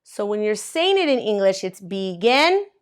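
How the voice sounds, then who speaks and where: A woman's voice: medium pitch, big pitch swings, normal speed, clear, resonant tone. A woman teaching an English grammar lesson to learners, patiently spelling out letters and clapping out syllables. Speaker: ESL teacher. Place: at a board, writing in colors.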